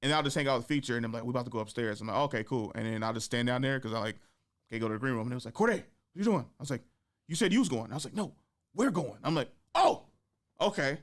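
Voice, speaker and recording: A man hosting a podcast, telling comedy-club stories in a casual, animated way, acting out the people he quotes and laughing often. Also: medium pitch, racing. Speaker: podcast host and stand-up comedian. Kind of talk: casual storytelling chat.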